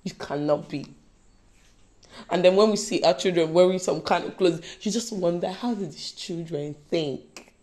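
A woman preaching a sermon, repeating lines and swinging between forceful and soft delivery. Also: on the low side, normal speed.

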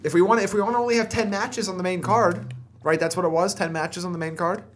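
A man co-hosting a podcast in casual chat, animated and opinionated, often restarting his sentences. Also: sits high, quick pace, a little hiss or hum. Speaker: podcast co-host.

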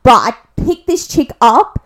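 A young woman with an Australian accent and a high voice speaks a little slowly while telling gossip on the podcast she co-hosts. Animated throughout, she swears constantly and acts out what each person said.

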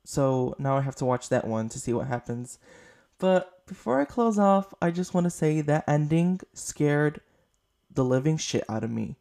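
A man's voice: a little high, expressive, moderate pace, gravelly, dark tone. A man hosting a casual podcast film review, rambling and gushing with many fillers, tired and up late. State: short on sleep, up late. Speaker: podcast host.

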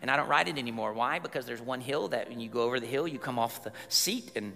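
Loud, bright-voiced pastor. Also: male voice, medium pitch, fast talker, gravelly, long reverb tail. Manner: chatty, humorous storyteller, bursts loud. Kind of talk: storytelling sermon.

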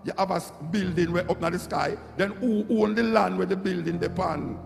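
A man's voice: high-pitched, brisk, vocal fry. A middle-aged Jamaican man giving an impassioned, preachy monologue, repeating phrases to drive his points home. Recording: echoey hall with loud music.

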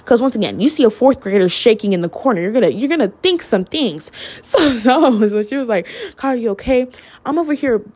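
On her own podcast, a young adult woman delivers a casual solo monologue in a slightly high, husky, darkish voice, brisk and animated. She chats candidly, leans heavily on "like" and "literally," and laughs from time to time.

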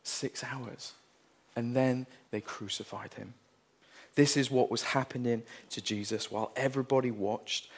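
A man's voice: mid-range voice, steady tone, measured pace, slightly rough. A man preaching a sermon, earnest, reading scripture passages with rising intensity.

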